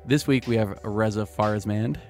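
A man's voice: lowish voice, normal speed, a little mellow, faint music behind. A man co-hosting a casual podcast, bantering loosely and joking with his partner before leading an interview. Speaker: podcast co-host.

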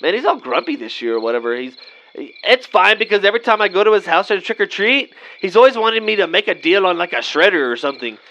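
A man's voice: high voice, sing-song, fast talker, sharp tone, a little hiss or hum, full character voice, rough recording. A man playing a laid-back guy, rambling in slangy drawled talk full of "man" and "vato". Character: laid-back Mexican-American guy trick-or-treating with buddies.

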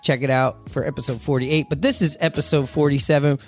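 A man's voice: a little high, steady tone, fairly quick, faint music behind. Rambling casual male podcast host. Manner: rambling and loose, with lots of fillers and swearing. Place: memorabilia-filled room at a friend's house.

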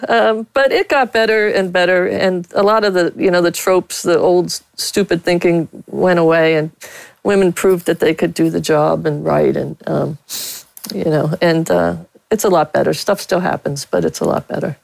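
Blunt, gravelly-voiced woman sportswriter. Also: fairly low pitch, normal speed, no echo, low-quality recording. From Pittsburgh. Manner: blunt, frank, laughs while telling stories. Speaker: veteran sportswriter. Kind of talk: interview guest, candid storytelling.

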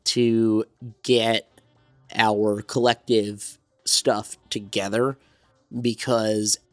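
A low-voiced man from New Jersey, a songwriter and studio owner, tells his story as a guest in a casual interview. He talks extremely slowly in a level tone, rambling and reflective with many restarts, and there's no echo.

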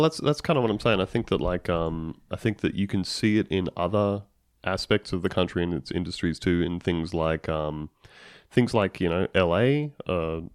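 Podcast co-host, male, low register, dry booth sound, sarcastic riffing. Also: no echo. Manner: animated, sarcastic, acts out quotes. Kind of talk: casual political chat.

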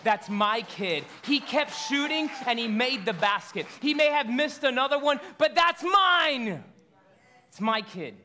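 A man voicing God as a proud heavenly father boasting of his child, emphatic and slow. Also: very high voice, very animated, pushed and bright, pitched above the performer's own voice, full character voice.

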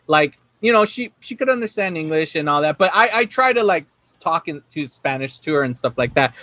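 Host, man, high bright voice, dry close sound, laughs and curses through casual storytelling. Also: dry recording. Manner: laughs often, swears, rambling storyteller. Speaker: podcast host. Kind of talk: casual chat.

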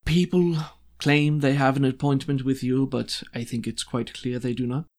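A man's voice: medium pitch, little pitch movement, moderate pace, darkish tone, natural voice. A man voicing a bored, haughty female assistant in a tabletop game.

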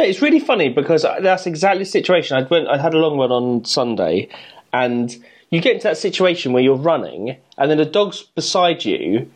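Man, co-host, casual chat, somewhat high voice, breathy tone. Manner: lively, chatty, interjecting with questions.

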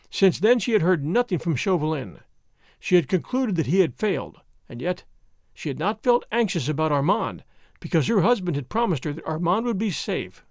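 A man's voice: high-pitched, no echo, studio quality. A man narrating a storybook in a dramatic, theatrical reading. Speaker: audiobook narrator.

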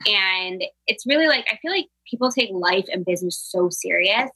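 Guest, young woman, bright tense voice, dry close sound, upbeat and full of "like"s. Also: mid-range voice, animated, moderate pace, husky, no echo, poor audio. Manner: upbeat, reflective, many filler "like"s. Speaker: podcast guest, travel planner and health coach. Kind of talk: casual chat.

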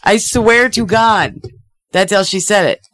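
A woman's voice: mid-range voice, measured pace, fairly bright tone, no room sound. A woman co-hosting a casual podcast chat, telling a story with lots of fillers and laughter. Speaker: podcast co-host.

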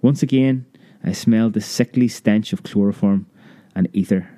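A man narrating a memoir audiobook in a measured, vivid storytelling manner. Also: fairly low pitch, warm tone, dry recording.

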